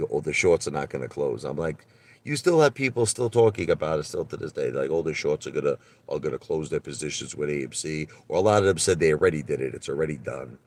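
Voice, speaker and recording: A man chatting casually on a live stream, rambling and animated as he tells stories. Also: extremely low pitch, no echo. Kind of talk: rambling casual livestream chat.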